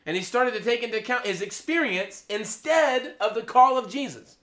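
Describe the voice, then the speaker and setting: A man preaching an informal sermon, excitable, laughing, then dropping to a hushed, awed tone. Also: very high voice, normal speed.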